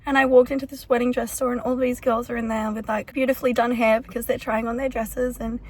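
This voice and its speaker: A young Australian woman vlogs casually while sick, her voice a little high and worn with hoarseness. She rambles, piling on fillers as she chats to the camera. A faint hiss of background noise sits under the recording. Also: little pitch movement, quick pace. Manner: chatty, rambling with many "like" fillers. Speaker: vlogger. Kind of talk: casual vlog chat to camera.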